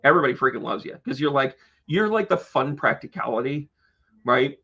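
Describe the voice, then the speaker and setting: A man's voice: mid-range voice, expressive, a little fast, sharp tone, highs cut off. A man hosting an astrology live stream, chatty and joking, talking to his viewers by name. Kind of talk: casual live stream chat.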